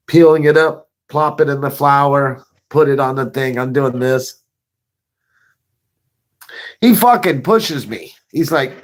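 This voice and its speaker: Profane man telling a story. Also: a little high. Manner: profane, laughing, animated retelling. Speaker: vlogger. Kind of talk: casual storytelling.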